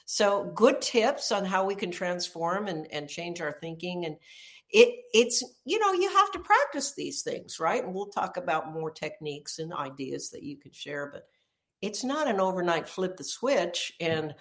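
A woman hosting a casual conversation, talking in an animated way and laughing often. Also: lowish voice, measured pace.

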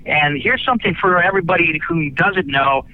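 A man's voice: on the high side, a little fast, no echo, phone-quality sound. A man, a radio broadcaster and author, telling rambling folksy stories as a guest, with lots of fillers and restarts. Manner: folksy, many fillers and restarts, breezy cursing. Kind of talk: rambling anecdotal storytelling.

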